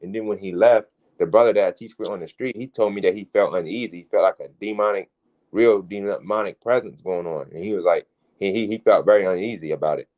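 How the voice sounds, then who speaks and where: Low-voiced man telling a story slowly. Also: a little mellow, poor audio. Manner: unhurried, rambling, restarts phrases. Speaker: street preacher in group discussion. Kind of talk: casual storytelling.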